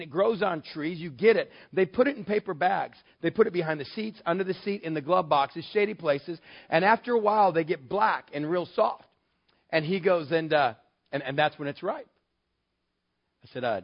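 A man from West Texas telling a personal story, lively and animated, acting out the voices in his dialogue. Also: on the high side, moderate pace. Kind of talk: personal anecdote told to an audience. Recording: dull, lo-fi sound.

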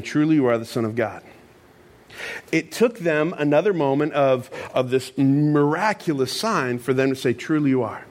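A man delivering a sermon in a loose, chatty way, full of asides and retold dialogue. His voice sits a bit high and moves freely in pitch as he acts out the story. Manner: conversational, animated storytelling with asides. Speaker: pastor.

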